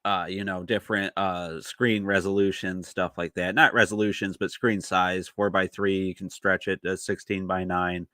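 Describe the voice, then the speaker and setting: A man's voice: low voice, little pitch movement, moderate pace, few pauses, pushed and bright, no room sound. A man hosting a retro gaming podcast, talking in a laid-back way with lots of fillers. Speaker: podcast host. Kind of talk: casual chat.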